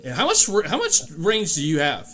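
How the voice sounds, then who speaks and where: A man narrating as game master in a casual tabletop game, pausing often with fillers. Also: high voice, husky, soft background music. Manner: relaxed, halting narration with many fillers.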